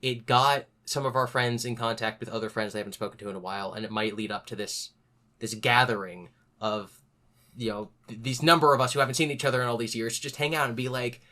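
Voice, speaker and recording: A young man hosting a podcast, telling a story in a casual, animated way and acting out other people's lines. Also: mid-range voice, quick pace. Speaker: podcast host.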